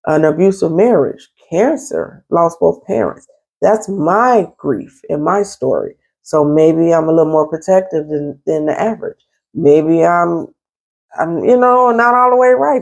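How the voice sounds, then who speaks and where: A therapist speaks to her viewers from her apartment in a stern, emphatic way. Her voice is fairly low, dark and husky. Her pitch swings widely as she presses each point home. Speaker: therapist and life coach. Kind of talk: casual advice vlog.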